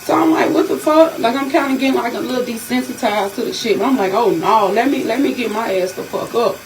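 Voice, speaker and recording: Woman, vlogger, shaken, agitated ranting, lots of swearing, repeats herself, fairly high voice. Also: fast, slight background noise. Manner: agitated, profane, repetitive ranting. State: shaken, upset. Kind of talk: venting vlog to camera.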